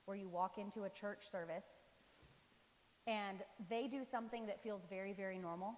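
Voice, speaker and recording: A woman's voice: medium pitch, fairly even intonation, moderate pace, big-room sound, slight background noise, poor audio. A woman giving a casual, conversational sermon in a church, often restarting with fillers. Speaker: preacher.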